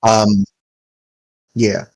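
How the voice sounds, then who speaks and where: A man's voice: lowish voice, flat delivery, very slow, vocal fry, darkish tone, slightly rough, poor audio. A young man acting as game master, casually narrating a tabletop game and laughing often.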